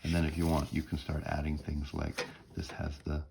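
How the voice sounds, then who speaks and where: Very deep gravelly male music teacher. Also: completely flat delivery, moderate pace, noisy background. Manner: explains step by step, hums melody fragments, checks in with "right?". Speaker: music theory instructor. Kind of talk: recorded lecture walkthrough.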